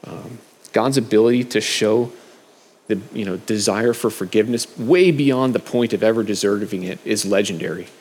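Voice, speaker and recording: A middle-aged preacher with a lowish, husky, darkish voice delivers a casual sermon at a moderate pace, sharing a message that includes scripture readings. His talk is loose and conversational, full of fillers and restarts, and a long hall reverb colors the recording.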